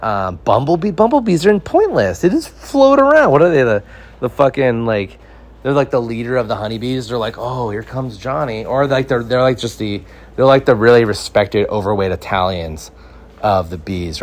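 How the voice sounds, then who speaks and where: A young Californian man hosts a podcast, rambling through comic stories in casual, profanity-laced slang. His medium-pitched voice is sing-song and moves at a normal speed.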